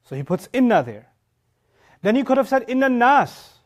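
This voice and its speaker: Speak as a male teacher giving a lively religious lecture. His voice sits a little high, and he hammers the key words home. He slips into quick impressions of students as he explains the text. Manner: emphatic, punches key words, acts out listeners' reactions. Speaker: teacher of Quran.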